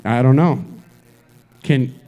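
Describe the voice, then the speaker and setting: Slow and warm, with a voice in the middle range, a co-host spins a wandering, crude-humored story during a live show at an event venue. He restarts often, keeping to easygoing banter.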